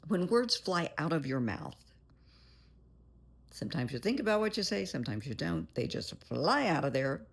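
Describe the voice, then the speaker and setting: A woman's voice: sits low, big pitch swings, moderate pace, gravelly, breathy edge. A woman therapist giving blunt, plain-spoken advice in a monologue, calling the listener "honey". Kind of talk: motivational monologue.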